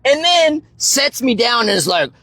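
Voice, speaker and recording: A young man casually telling a story on a livestream, rambling and swearing, tagging "right?" onto his lines, his voice leaping high when excited. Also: a little slow, dry recording. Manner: rambling, profane, constant "right?" tags. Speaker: fitness and finance creator.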